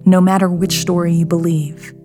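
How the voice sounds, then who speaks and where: A woman hosting a podcast, narrating a scary story in a hushed voice that often sinks to a whisper. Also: on the low side, level tone, moderate pace. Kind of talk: scripted horror story narration. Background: background music.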